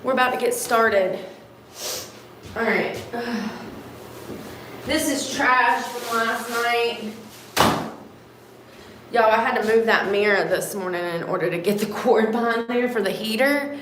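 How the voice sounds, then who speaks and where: Sniffling and slightly winded, this woman chats with her stream as she tidies out a room that's going to be painted, talking to herself and to viewers with the odd mild curse. She speaks slowly with frequent pauses, her pitch fairly high and a bit bright. There's an echoey room sound and a faint hum of noise behind her.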